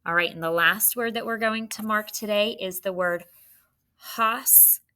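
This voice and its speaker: A woman teacher giving a spelling lesson to children, patient and clear, sounding words out slowly. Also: mid-range voice, bright, forceful tone.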